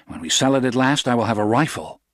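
A man voicing a tense young Mexican pearl diver in an audiobook reading, with grave, measured speech. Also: mid-range voice, animated, dry recording, clean studio sound, lightly acted.

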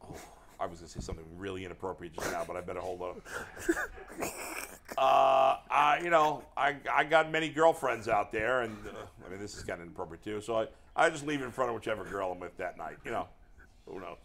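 A man's voice: on the low side, animated, a little fast, gravelly, a bit bright, a little hiss or hum. A man playing a rambling old male baseball manager with a put-on Southern accent in a comedic impression. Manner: rambling, chuckling confessions. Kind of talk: comedic role-play impression.

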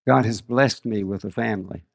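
A man's voice: on the low side, moderate pace, vocal fry. An older man preaching a sermon, reading scripture aloud and telling earnest stories about his own family. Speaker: guest preacher. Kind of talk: sermon with personal storytelling.

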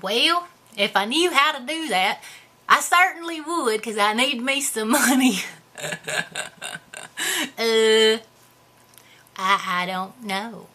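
A woman's voice: fairly high pitch, lively intonation, takes it slowly, sharp tone, heavily acted. A woman playing a goofy, boastful character in a comedy vlog, talking in a rambling, self-mocking way. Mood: playful. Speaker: vlogger answering viewer questions.

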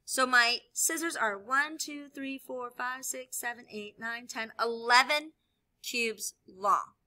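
A woman teacher explaining a lesson while she demonstrates with objects, upbeat and clear. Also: a little high, slow, bright, forceful tone. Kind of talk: classroom video lesson.

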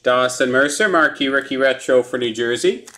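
A man hosting a live card break, briskly listing player names and teams and chuckling over hard names. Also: mid-range voice, bright, forceful tone. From Canada. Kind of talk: live sports card break, calling out pulls. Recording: noisy room with card-pack crinkling.

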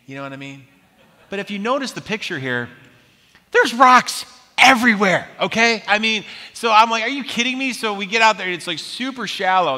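A man preaching a sermon as pastor, telling stories in an animated, self-mocking way. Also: medium pitch. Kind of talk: sermon with storytelling. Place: large church auditorium. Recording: long hall reverb.

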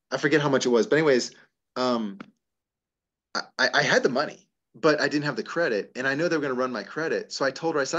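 Animated storytelling man host. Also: mid-range voice, muffled recording. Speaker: host answering member questions. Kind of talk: casual advice talk.

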